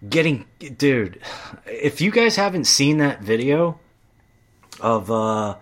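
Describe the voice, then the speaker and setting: A man talks straight to his listeners in a loose, heated monologue, swearing freely as he tells his stories. His pitch sits in an ordinary middle range. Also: very animated, takes it slowly. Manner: profane, heated storytelling. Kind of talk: casual monologue.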